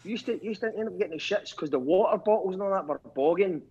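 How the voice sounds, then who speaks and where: A Glaswegian caller from Scotland tells a relaxed story full of wry self-deprecation and frequent swearing. His voice sits high and mellow with a breathy edge, and he talks at a quick pace. The recording is a dull lo-fi call line.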